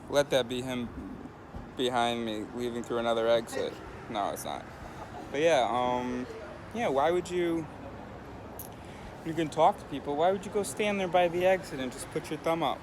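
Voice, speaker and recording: A man's voice: medium pitch, unhurried, long pauses. Rambling American man vlogging outdoors. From United States. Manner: rambling and thinking aloud, many fillers. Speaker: hitchhiking vlogger. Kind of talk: casual vlog talk to camera. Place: outdoors by a road and in a vehicle. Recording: noisy outdoor and traffic background.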